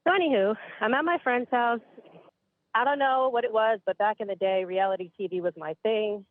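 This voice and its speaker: Breathy caller on a tinny phone line. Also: female voice, fairly high pitch, fairly quick. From upstate New York. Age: late 20s. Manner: chatty, addresses listeners as you guys. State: a bit out of breath. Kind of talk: casual spooky storytelling.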